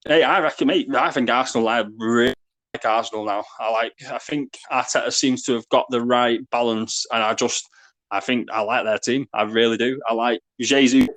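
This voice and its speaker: A man's voice: mid-range voice, fairly even intonation, moderate pace, a bit bright, no echo. A man co-hosting a casual football podcast, laughing often, swearing and calling his friend "mate". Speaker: podcast co-host.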